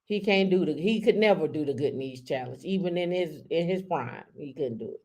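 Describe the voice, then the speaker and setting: A woman's voice: deep voice, expressive, a little fast, dark tone. A woman hosting a live stream, chatting casually and talking straight to her viewers. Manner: chatty, addresses viewers directly.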